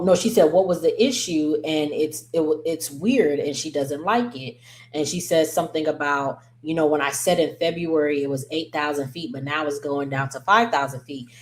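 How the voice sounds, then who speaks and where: Woman recap vlogger, low voice, casual and opinionated, rambling with ums. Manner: chatty, digressive, frequent ums and self-corrections; slangy, opinionated commentary. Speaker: reality TV recap host.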